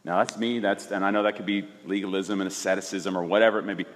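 A fortysomething pastor shares a personal anecdote in a relaxed, conversational way, lively and emphatic with many restarted sentences. His voice sits low, he talks quickly, and he is in a large hall.

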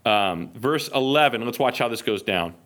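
Animated, joking male Bible teacher. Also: mid-range voice, moderate pace. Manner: lively, jokey, checks in with "okay?". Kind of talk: casual teaching.

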